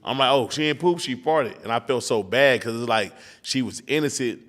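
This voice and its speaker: A man's voice: medium pitch, moderate pace, fairly bright tone. A man in his thirties with a Houston accent, a guest on a podcast, telling stories in loose casual talk and acting out his daughter's lines. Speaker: rapper guest. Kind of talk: casual interview chat.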